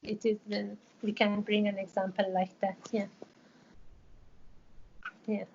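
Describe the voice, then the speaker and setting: A woman's voice: mid-range voice, level tone, a little slow, vocal fry, a little mellow, husky, muffled recording. A woman who teaches an online Quran class and explains patiently, with many fillers and restarts.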